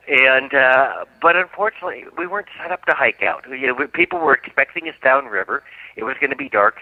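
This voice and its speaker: A man's voice: mid-range voice, no echo. A man telling a story as a radio guest, vividly acting out the quotes. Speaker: guest author. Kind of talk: animated storytelling. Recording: dry, phone-like line.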